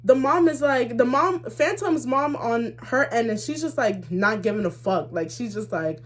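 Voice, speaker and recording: A woman's voice: a little high, animated, normal speed, few pauses. A young woman vlogger telling a personal story in a casual, slangy way, laughing and acting out the dialogue.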